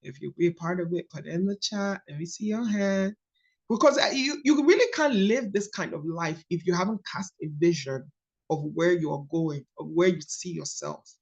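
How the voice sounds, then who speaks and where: A woman's voice: on the low side, normal speed, gravelly, a little mellow, highs cut off. A woman leading a book study coaching call, repeating key phrases for emphasis.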